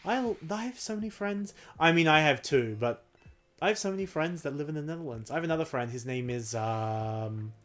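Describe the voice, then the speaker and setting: A man's voice: fairly high pitch, animated, fairly quick, fairly bright tone, faint music behind. Rambling man streaming casually. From Australia. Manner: rambling, self-deprecating, laughs often. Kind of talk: casual livestream chat while gaming.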